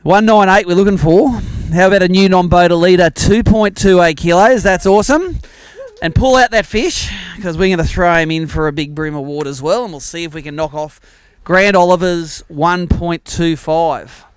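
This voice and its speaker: Australian man, weigh-in MC, slightly high, smooth, chatty, dry mic. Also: normal speed, no room sound. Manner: upbeat, chatty, calls anglers "mate". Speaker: tournament weigh-in MC. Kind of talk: live announcing and banter. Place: outdoor weigh-in stage.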